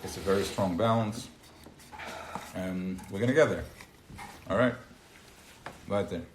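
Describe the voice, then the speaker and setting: A man giving an informal live class to a small group, who gets worked up and loud, then drops into quiet asides. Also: sits low, a little slow. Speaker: teacher of a class. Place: room with a small live audience. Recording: roomy live recording with faint noise.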